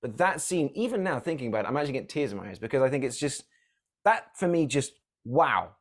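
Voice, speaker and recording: A man's voice: mid-range voice, big pitch swings, quick pace. A man co-hosting a casual film podcast, earnest and emotional, turning questions to the others. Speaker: podcast co-host. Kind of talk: casual movie discussion.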